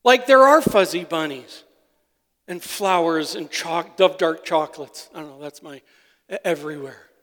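A male pastor preaching a sermon. He moves between quiet, confiding asides and loud, emphatic declarations. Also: a little high, normal speed. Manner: impassioned, swings from soft asides to loud declarations. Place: church sanctuary. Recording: long hall reverb.

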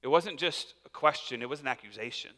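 Bright-voiced man preaching in a reverberant hall. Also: medium pitch, brisk. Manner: casual, conversational preaching with many fillers. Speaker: pastor. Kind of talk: sermon.

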